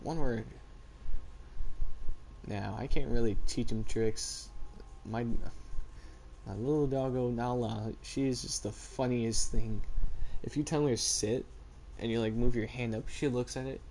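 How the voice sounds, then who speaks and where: A man's voice: mid-range voice, fairly even intonation, measured pace, pauses often, dark tone, slight background noise. Laid-back teenage guy rambling casually. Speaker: vlogger. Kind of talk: casual chat.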